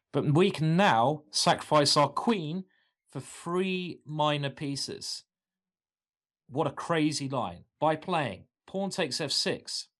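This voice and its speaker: A man teaching a chess opening in a lively, playful way, walking through moves and plans with enthusiasm. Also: on the high side. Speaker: chess coach. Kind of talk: chess lesson.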